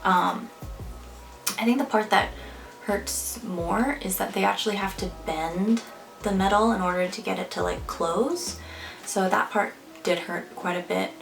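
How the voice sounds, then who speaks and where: Speaking a little slowly with vocal fry in a mid-range voice, a young woman vlogs casually to camera, chatting away with lots of "like" and "um." The recording has room echo, some distance from the mic, and faint music.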